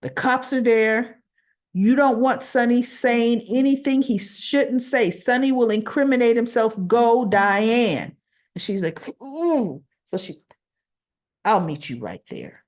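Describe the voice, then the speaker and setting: A woman casually recapping a soap opera episode, retelling scenes in an animated way and acting out what the characters say. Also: on the high side, a little slow.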